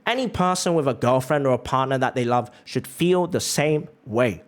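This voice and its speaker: A man's voice: mid-range voice, animated, moderate pace, few pauses. A male streamer giving a heated, profane reaction rant on stream, repeating phrases for emphasis.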